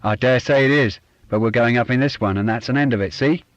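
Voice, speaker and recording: A man's voice: mid-range voice, brisk, dry recording, highs cut off, voice pushed up, lightly acted. A man reading an audiobook, voicing a short-tempered middle-aged father with a Cockney accent, curt and bossy. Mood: impatient.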